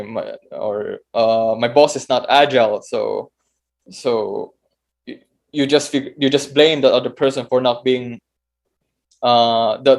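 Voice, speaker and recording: A man's voice: medium pitch, a little mellow. A man with a Filipino accent giving a conversational talk to an online meetup, often restarting phrases and adding "right?". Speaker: meetup speaker.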